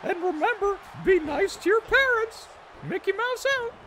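Squeaky, chipper male cartoon mouse, sing-song delivery, done by a man. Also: expressive, normal speed, pushed and bright, a little hiss or hum, exaggerated voice. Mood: chirpy. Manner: sing-song, chirpy impression.

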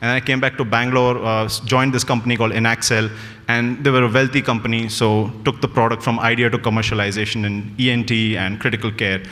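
A man with an Indian English accent giving a humorous keynote talk, telling stories with animated energy and chuckling at his own jokes. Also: mid-range voice, fast. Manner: animated storytelling, mixes in Hindi phrases, laughs at own jokes. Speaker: speaker at a corporate event. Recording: reverberant hall.

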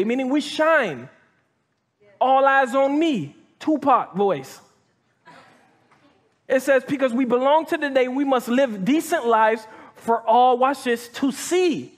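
A man preaching to a live audience as pastor, talking conversationally with many restarts and asides, reading scripture aloud and commenting between the verses. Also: high voice. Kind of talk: sermon. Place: church hall with live audience.

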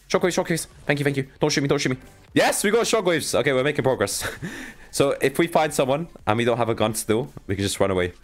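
A young man giving excitable live commentary on his own video game play, talking to his viewers and breaking into exasperated outbursts. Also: mid-range voice, quick pace, faint music behind. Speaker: gaming YouTuber.

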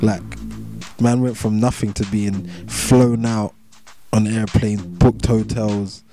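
Laid-back low-voiced English rapper. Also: male voice, flat delivery, slow, dark tone. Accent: English, London street slang. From England. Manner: laid-back, slang-heavy, repeats himself. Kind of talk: casual interview chat. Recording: music playing under voice.

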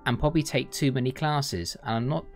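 A man's voice: mid-range voice, a little fast, close to an everyday voice. A man voicing a nervous young college man in a dating game, hesitant and stammering, with faint guitar music behind. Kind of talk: reading a dating game aloud.

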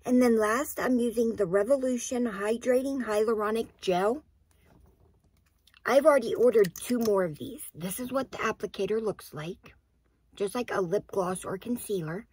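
A woman's voice: a little high, normal speed, darkish tone, breathy edge. A woman talking casually through her skincare routine, explaining each step as she goes. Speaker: beauty vlogger.

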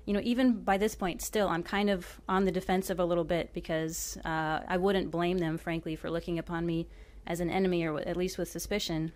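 A woman's voice: fairly low pitch, steady tone, fairly quick, hardly any pauses, a little mellow. A woman from Oklahoma giving a book talk, telling her travel story in a chatty, self-deprecating way with lots of fillers and a short reading. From Oklahoma, USA.

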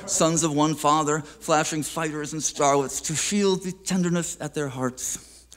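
A man giving a poetry reading at a museum, introducing his poem in a reflective, unhurried way with small hesitations, then reading it aloud. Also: on the high side, steady tone, a bit bright. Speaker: featured poet. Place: live reading in an art museum.

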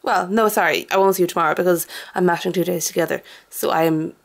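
A woman's voice: fairly low pitch, fairly even intonation, fast talker, vocal fry, low-quality recording. A young woman in her twenties, filming a casual vlog at home in a dim room, rambling and self-deprecating. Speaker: vlogger.

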